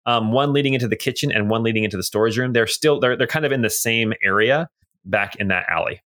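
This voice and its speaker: A relaxed man narrates a tabletop game as its game master. He describes each scene casually and rambles a bit, with plenty of ums along the way. His voice sits at a middle pitch. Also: fast. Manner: casual, rambling, many fillers.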